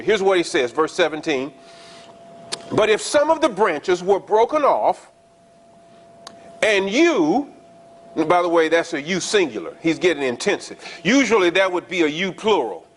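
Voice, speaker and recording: A man preaching a sermon, explaining scripture in a conversational way, checking in with his listeners and slowing down to stress the verses. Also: sits high, fairly bright tone. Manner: explains scripture conversationally, often asking the congregation "right?"; reads verses slowly and stresses key words. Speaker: pastor.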